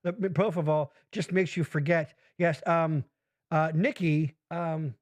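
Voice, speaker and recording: Podcast host, male, high pitch, loose profane rambler who slips into character voices. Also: measured pace. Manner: rambling, profane, animated storytelling with put-on voices. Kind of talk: casual chat.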